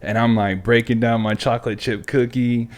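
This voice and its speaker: A man hosting a podcast who tells stories in a relaxed, unhurried way. He swears freely and drops "man" and "dude" into almost every sentence. His voice sits at an ordinary middle pitch. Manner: laid-back, swears freely, says "man" and "dude" often. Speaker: podcast host. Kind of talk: casual storytelling chat.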